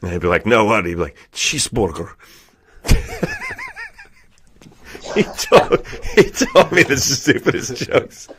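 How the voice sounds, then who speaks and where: A man's voice: medium pitch, huge pitch swings, slow, pauses often, background noise. A man hosting a podcast, telling stories in a laid-back casual chat and laughing at his own jokes. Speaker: podcast host.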